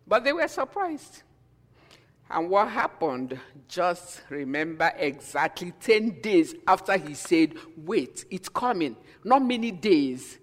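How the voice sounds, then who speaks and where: A man preaching a sermon as pastor, storytelling that swings between hushed and emphatic. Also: high voice, big pitch swings, slow pace. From Nigeria. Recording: long hall reverb.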